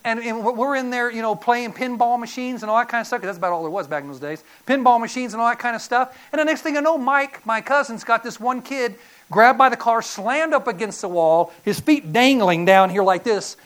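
A middle-aged man preaching a sermon, telling stories in an animated, folksy way with sudden loud bursts and quiet drops. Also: very high-pitched, fairly quick. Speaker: pastor.

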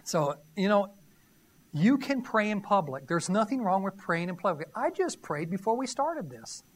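A man's voice: high voice, very animated, normal speed, slightly rough. A man preaching a sermon in a conversational way, reading scripture and asking the audience questions with a teasing, emphatic delivery. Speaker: pastor.

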